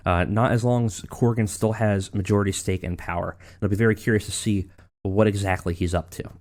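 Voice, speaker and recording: A man's voice: fairly low pitch, darkish tone. A man casually narrating a wrestling management game, rambling with many fillers. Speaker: let's play narrator.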